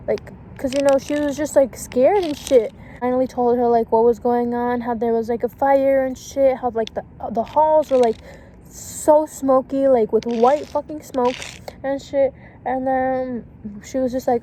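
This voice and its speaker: Young woman vlogger, kinda high but mellow voice, cussing nonstop, lil bit of noise behind. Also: steady tone, moderate pace, rough recording. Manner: swears a lot, fillers like "like" and "and shit". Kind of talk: casual storytime. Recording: faint background noise.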